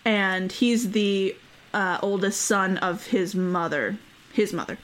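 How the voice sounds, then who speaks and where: A woman's voice: mid-range voice, steady tone, takes it slowly. A woman hosting a casual history podcast. She is chatty, uses many fillers and laughs often. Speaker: podcast host.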